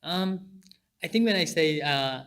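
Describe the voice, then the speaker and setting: A man who is a podcast guest, telling stories in halting non-native English with many restarts and fillers, laughing as he talks. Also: on the high side, expressive, a bit bright. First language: Japanese or Thai. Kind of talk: casual conversation.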